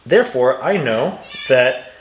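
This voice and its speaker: A man's voice: medium pitch, lively intonation, slow, roomy sound, slight background noise. A man teaching English punctuation, walking through example sentences patiently and reading them aloud with exaggerated intonation. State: dry throat, clears it now and then. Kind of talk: instructional walkthrough.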